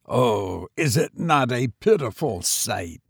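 A man's voice: mid-range voice, big pitch swings, slow, creaky, husky, dry recording, studio quality, exaggerated voice. A man voicing a mournful, gibbering male fiend who was once a merciless mortal, pleading in archaic speech in a storybook reading.

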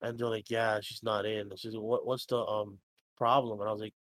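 A man's voice: on the low side, level tone, fairly quick, fairly bright tone, no echo. A young man co-hosting a podcast, telling a story in a rambling, casual way, swearing freely and acting out both sides of conversations. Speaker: podcast co-host.

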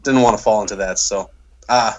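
A man's voice: fairly low pitch, fairly quick. A man from Canada, a rapper guesting on a podcast, chatting casually and rambling through stories. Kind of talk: casual chat.

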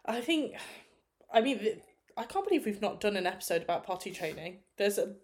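A woman's voice: mid-range voice, very animated, brisk, darkish tone. A woman, co-hosting a casual podcast chat with dry, easygoing banter. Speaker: podcast co-host.

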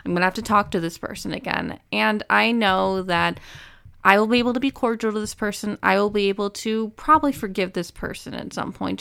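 A young adult woman hosting a podcast, speaking earnestly and emotionally in a personal monologue with halting restarts. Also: mid-range voice, vocal fry, fairly bright tone, clear, resonant tone, dry recording, studio quality. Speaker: podcast host.

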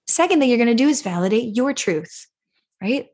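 A woman's voice: a little high, animated, a little fast, dark tone, slightly rough. A woman hosting a parenting podcast, coaching listeners emphatically and acting out example phrases. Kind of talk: solo podcast teaching.

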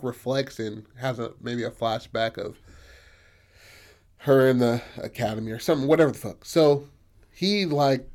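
A man's voice: mid-range voice, a little mellow. A young man hosting a podcast, casually retelling a story with lots of swearing and fillers like "you know what I mean". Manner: loose, profane retelling with many fillers. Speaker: podcast host.

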